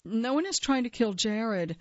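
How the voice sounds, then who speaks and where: A worried nurse speaks gently and soothingly, as a woman reads her part. Her tone sits a little higher, and the sound is dry and muffled. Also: expressive, a little slow, dry recording. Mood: gentle, worried.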